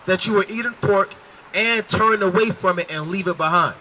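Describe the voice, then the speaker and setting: A man's voice: high-pitched, moderate pace, pushed and bright, rough recording. A man preaching on the street, emphatic and calling to his listeners as brother and man.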